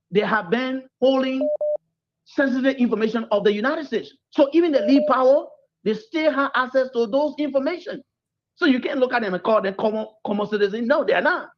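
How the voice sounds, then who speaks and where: A man calling into a radio show from abroad, arguing in a measured way that builds in emphasis. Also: very high voice. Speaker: caller. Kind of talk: call-in opinion. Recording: muffled phone line.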